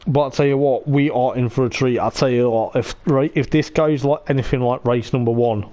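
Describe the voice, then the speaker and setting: A man giving live commentary on an online racing league, excitable and repetitive, laughing often, his voice going hoarse. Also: mid-range voice, a little fast. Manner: excitable, repeats "I tell you what", laughs often. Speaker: race commentator.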